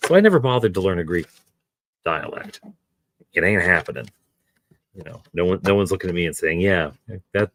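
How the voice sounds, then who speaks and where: Low-voiced man chatting while crafting. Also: dry recording. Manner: meandering, self-deprecating. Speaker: crafting streamer. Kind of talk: casual chat while crafting.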